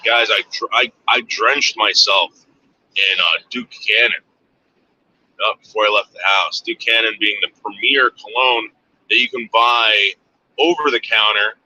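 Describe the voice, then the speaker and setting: Man from the US, livestream host; low-ish, tense, forceful delivery, dry close sound, crude offhand rambling. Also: steady tone, unhurried, dry recording, poor audio. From United States. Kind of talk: casual rambling monologue.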